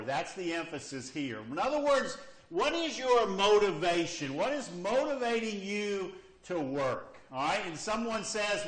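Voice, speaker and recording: A man's voice: on the high side, animated, moderate pace. A man pastor preaching a sermon to a congregation, who often stops to ask "okay?" to check that his listeners are following. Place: church hall with a congregation, also live-streamed. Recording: echoey church hall.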